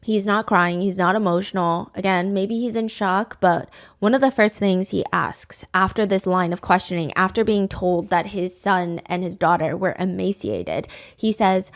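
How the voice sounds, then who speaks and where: A woman's voice: medium pitch, moderate pace. A woman narrates a true crime case as a podcast host. She tells it with feeling, putting energy into the quotes she reads. Her voice sits in a middle range.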